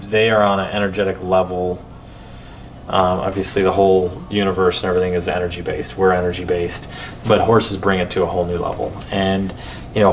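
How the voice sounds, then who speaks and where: A man hosting a podcast, telling stories in a rambling, animated way with many restarts. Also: sits low. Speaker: podcast host. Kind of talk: casual conversation. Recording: distant mic with faint background noise.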